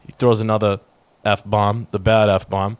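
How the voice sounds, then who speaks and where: A man co-hosting a podcast, telling stories in a slangy, animated way and acting out quotes. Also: fairly low pitch, unhurried, clean tone, no room sound. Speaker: podcast co-host. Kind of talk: casual chat, storytelling.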